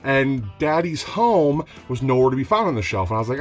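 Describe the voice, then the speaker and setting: A young man talking casually in a home vlog, rambling and self-mocking, getting excitable as he shows off his finds. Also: medium pitch, brisk, faint music behind. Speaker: DVD collector vlogger. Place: home room.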